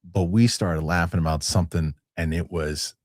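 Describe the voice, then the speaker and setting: A middle-aged man with a low voice hosts a casual chat show. He tells stories in a lively, rambling way, full of restarts and fillers, and his voice sounds dry and close to the mic. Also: normal speed, dry recording. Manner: animated storyteller, many restarts and fillers. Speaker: show host.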